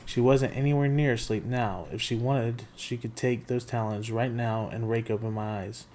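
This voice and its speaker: A man's voice: medium pitch, fairly even intonation, normal speed, darkish tone, slight background noise. A man reading a novel chapter aloud in first-person narration, with the occasional slip and restart. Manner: plain storytelling with occasional slips and restarts. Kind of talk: amateur audiobook reading.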